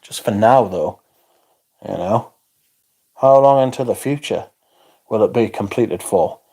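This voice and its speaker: A man's voice: on the low side, unhurried, dark tone, husky. A man hosting a casual livestream, chatting, swearing freely and reading out viewer comments. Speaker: livestream host reading chat.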